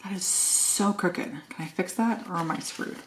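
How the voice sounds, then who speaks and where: A woman's voice: lowish voice, normal speed, background noise. A woman chatting casually and thinking aloud while decorating a planner, joking at her own expense. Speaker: planner vlogger.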